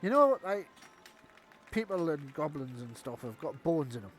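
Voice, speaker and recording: Man doing a small, stammering goblin, wary of outsiders, lively high-ish delivery. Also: moderate pace, faint music behind. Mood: rambling. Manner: rambling, stammering, distrustful. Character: wary, rambling male goblin, small and grumbling.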